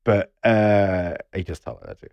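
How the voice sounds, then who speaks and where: A man co-hosting a casual film review podcast, animated and swearing, acting out lines from the film. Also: low voice, moderate pace, gravelly, no room sound, dull audio. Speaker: podcast co-host.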